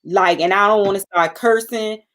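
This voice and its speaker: A woman's voice: mid-range voice, normal speed, a bit bright. A woman co-hosting a casual live stream, talking in a blunt, protective and irritated way.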